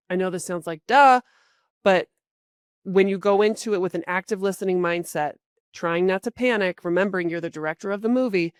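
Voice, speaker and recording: A woman career coach hosting a podcast, giving casual advice in a chatty way with many fillers and sudden jumps in pitch and volume. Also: dry recording, clean studio sound. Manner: animated, with big jumps in pitch and loudness; acts out short quoted exchanges.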